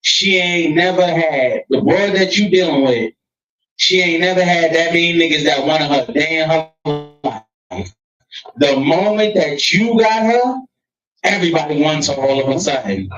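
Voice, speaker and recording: A man co-hosting a casual podcast chat, telling stories in an animated, profane way. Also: on the high side, measured pace. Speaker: podcast co-host. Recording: distant mic, dull lo-fi sound.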